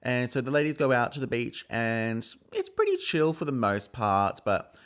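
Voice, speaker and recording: A man's voice: medium pitch, very animated, moderate pace, a bit bright, smooth. A man casually recapping a reality TV episode in a gossipy, sweary manner. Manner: gossipy, sweary, acts out quotes. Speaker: TV recap host.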